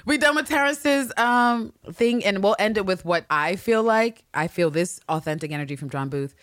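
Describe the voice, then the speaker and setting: A woman's voice: mid-range voice, moderate pace, few pauses, a bit bright, no room sound, clean studio sound. A woman co-hosting a casual podcast, laughing often, swearing and reading script lines aloud. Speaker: podcast co-host.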